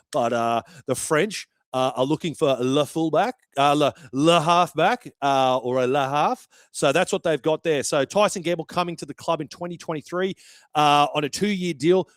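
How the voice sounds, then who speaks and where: Brash Aussie podcast host, raised voice. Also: male voice, fairly high pitch, no echo. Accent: Australian. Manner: brash and chatty, swears freely. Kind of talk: casual podcast commentary.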